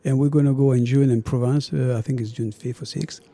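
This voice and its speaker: Man, French accent, middle-aged, chef, casual interview chat, very mellow dark tone. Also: medium pitch, fairly quick. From France. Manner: animated storyteller, acts out dialogue, laughs often.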